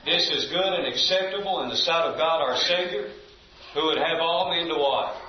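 The distant mic picks up a man on the high side teaching Bible study in an echoey church room, with slight background noise and a dull, lo-fi quality. He reads scripture aloud with emphasis on key phrases and quizzes the class with questions.

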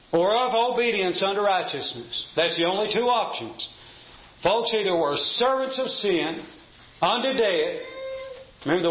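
A man preaching a sermon in a church, emphatic, putting questions to the congregation. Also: sits high. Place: church room. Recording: roomy, dull, faint hum.

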